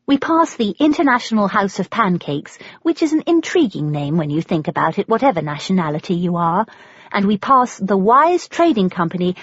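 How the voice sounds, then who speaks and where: Brief: English woman audiobook reader, animated wry delivery, slightly husky, dull dry sound. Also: mid-range voice, dry recording. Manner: wry, lively storytelling. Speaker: audiobook narrator. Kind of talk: scripted first-person narration.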